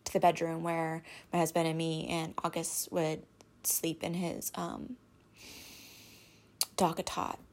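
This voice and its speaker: A woman as an interview guest, telling a personal story in a halting, candid way, with many fillers and restarts. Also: deep voice, monotone, a little mellow. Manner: candid and emotional.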